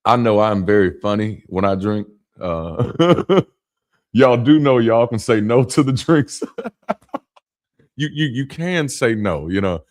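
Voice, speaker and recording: A man's voice: on the low side, slow. A man in his thirties from the Southern US with a Southern accent, hosting a casual live chat and telling jokey stories. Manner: animated storyteller, jokey, laughs often. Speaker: host.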